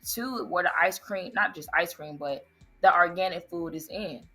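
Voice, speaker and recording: A woman's voice: on the low side, normal speed, sharp tone, husky. A woman who owns an ice cream business, answering interview questions earnestly and politely. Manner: earnest, answers with "yes, sir". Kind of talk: interview guest.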